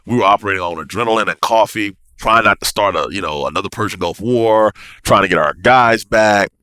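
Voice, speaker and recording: Animated storytelling man, bright forceful voice. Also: fairly low pitch, fairly quick, clean tone, dry recording. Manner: animated, laughing, excitable storyteller. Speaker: podcast guest, navy officer. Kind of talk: casual storytelling.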